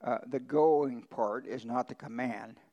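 A man's voice: medium pitch, measured pace, mellow, highs cut off. A male pastor preaching a conversational sermon, telling folksy ranch stories with emphatic swings in his voice.

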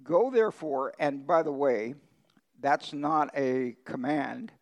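A man's voice: mid-range voice, steady tone, slow, poor audio. A male pastor preaching a conversational sermon, telling folksy ranch stories with emphatic swings in his voice.

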